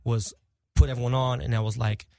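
Brief: middle-aged male guest, rapid and lively, swears freely, dry close-mic sound. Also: mid-range voice, gravelly, no echo. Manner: animated, profane, acts out quoted dialogue. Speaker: podcast guest. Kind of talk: casual storytelling.

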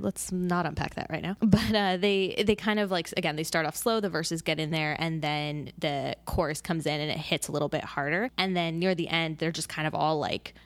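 A young woman talks alone into a close, dry mic on her podcast, chatting loosely about music. Her voice sits low for a woman, and she peppers her talk with "like" and sings little snippets along the way. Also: no room sound. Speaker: podcast host. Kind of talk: solo casual music talk.

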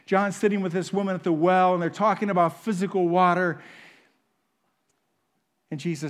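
A man preaching a sermon, swinging between loud emphatic bursts and hushed, intimate asides. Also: high voice, moderate pace, long pauses. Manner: animated, rises loud for emphasis then drops to hushed. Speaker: pastor. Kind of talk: sermon teaching.

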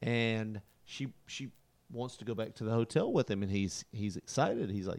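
A man's voice: fairly low pitch, normal speed, gravelly. A man co-hosting a casual comedy chat, retelling a story and laughing often. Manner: laughs constantly, animated storytelling.

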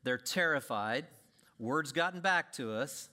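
A male pastor preaching a sermon, animated, acting out scenes with big swings in pitch and volume. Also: normal speed.

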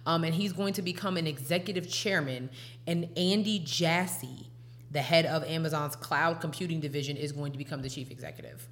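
A woman's voice: low voice, a little fast, slight background noise. A woman co-hosting a casual chat show, speaking loosely and repeating phrases for emphasis. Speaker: podcast co-host.

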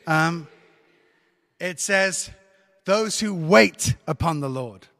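A male pastor delivers a sermon in a lively, conversational way, dropping joking asides to the congregation. His voice sits fairly high for a man. The sound carries a long church reverb around it. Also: slow, creaky, pauses often.

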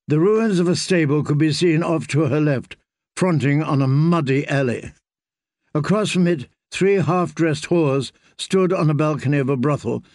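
A man narrating an audiobook in a measured, steady reading voice. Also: medium pitch, dry recording, studio quality.

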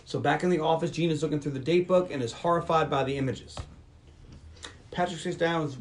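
A man with a slightly higher voice runs through a movie's plot as podcast host. He tells it briskly and casually, slipping into the characters' lines. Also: distant mic, slight background noise. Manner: brisk storytelling, mimics characters. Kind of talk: casual film recap.

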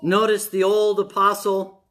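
A male pastor preaching a sermon to a congregation in church, emphatic, moving from hushed to loud. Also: sits high, completely flat delivery, unhurried.

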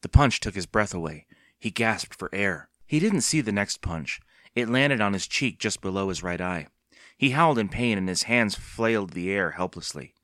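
A man narrating a children's horror book as an audiobook reader, steady and expressive. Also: lowish voice, moderate pace, dry recording, studio quality. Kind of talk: scripted storybook narration.

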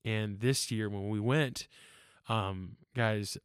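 A young man with a somewhat low voice chats on a podcast, earnest and rambling, with frequent laughs and fillers. The sound is dry and close. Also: fairly even intonation, slow pace, clear, resonant tone, no echo. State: tearful. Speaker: podcast guest. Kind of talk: casual podcast chat.

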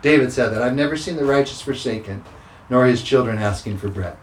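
Pastor, male, mid-pitched, preaching with emphatic repeated declarations; roomy sound, faint ambience. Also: fairly quick, a little hiss or hum. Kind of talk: sermon.

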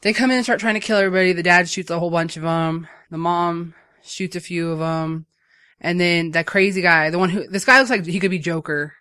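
Brief: quick, bright-toned talker, dry close sound, rambling casual movie recap. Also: mid-range voice, clear, resonant tone, dry recording. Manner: rambling, animated retelling full of fillers. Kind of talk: casual chat.

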